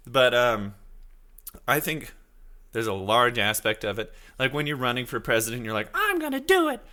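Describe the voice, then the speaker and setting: A man in his thirties hosting a casual solo podcast, rambling loosely and reacting to his chat, now and then slipping into high silly voices to quote people. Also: normal speed, bright, forceful tone. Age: 30s. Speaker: podcast host.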